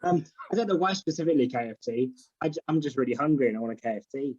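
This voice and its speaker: A man's voice: medium pitch, very fast, a little mellow, husky, highs cut off. A young man, a comedian guest, chatting in a rambling, self-deprecating way over a video call. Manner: rambling, self-deprecating, lots of "you know what I mean". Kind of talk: casual interview chat.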